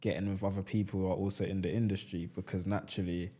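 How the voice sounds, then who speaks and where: A man, giving his measured views in casual podcast chat. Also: deep voice, flat delivery, dark tone.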